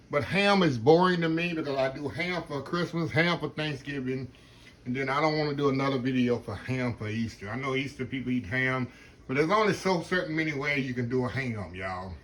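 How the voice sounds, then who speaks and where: A bright-voiced man with a drawl chats casually to his viewers between bites, murmuring in approval as he eats. His voice sits at an ordinary pitch and he keeps an easygoing, homey tone. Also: expressive, brisk. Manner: chatty, talks with mouth full, murmurs "mm" while eating; Southern phrasing, says "y'all". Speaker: cooking channel host. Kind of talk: casual cooking vlog, eating on camera.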